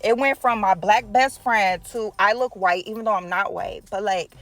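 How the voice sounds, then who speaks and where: Female vlogger telling a story with lively, profane energy over faint background music. Mid-range voice. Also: mid-range voice, moderate pace. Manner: animated, profane storytelling with acted-out quotes. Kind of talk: casual storytime.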